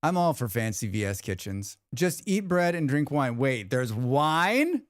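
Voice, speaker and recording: A livestream host, a man with a mid-range and very animated voice, chats casually with viewers at a measured pace and reads their comments. He rambles and jokes, restarting often. The recording is dry, with clean studio sound.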